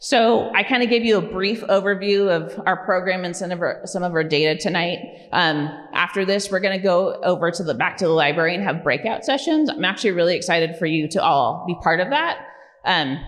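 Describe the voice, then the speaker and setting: Low-pitched woman chatting through slides at a community meeting, says um a lot, echoey hall. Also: brisk. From California. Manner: conversational, many fillers like "um" and "right?". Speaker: program director presenting at a community meeting. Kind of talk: informal presentation to a public audience. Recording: long reverb of a meeting hall.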